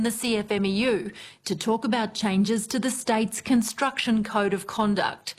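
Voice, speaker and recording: A woman reporter delivering a scripted news report in a clear, even manner. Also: mid-range voice.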